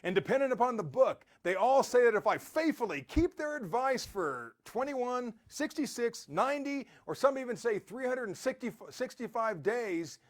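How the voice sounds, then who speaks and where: Male host, motivational talk; high voice, very lively intonation, rambling anecdotes. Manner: animated, rambling storyteller.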